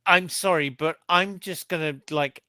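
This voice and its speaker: A man's voice: on the high side, unhurried, sharp tone, no echo. A man joining a casual online discussion, stammering through restarts before landing his points with emphasis. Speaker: guest co-host.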